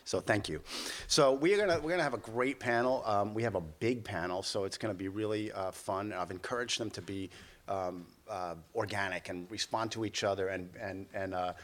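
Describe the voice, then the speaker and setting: A man's voice: on the low side, fairly quick. A man with a New York accent moderating a conference panel, chatty and repeating himself as he talks. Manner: chatty, repeats words often.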